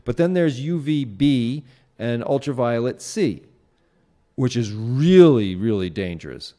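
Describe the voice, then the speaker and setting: A man's voice: medium pitch, lively intonation, a little slow, mellow. Man rambling through a solo commentary. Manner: rambling, with frequent fillers and restarts. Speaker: show host.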